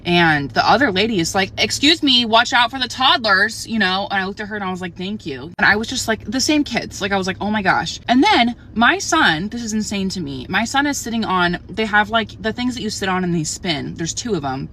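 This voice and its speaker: A woman's voice: mid-range voice, lively intonation, brisk, hardly any pauses, a bit bright, slight background noise. A young woman, mother of a toddler, telling a story and venting to camera in a chatty, exasperated way with many "like" fillers. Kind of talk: casual storytime rant to camera.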